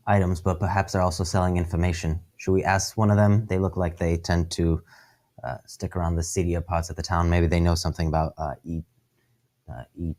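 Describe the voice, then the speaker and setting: Very low voiced guy player, careful, thinks out loud. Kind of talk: tabletop game chat.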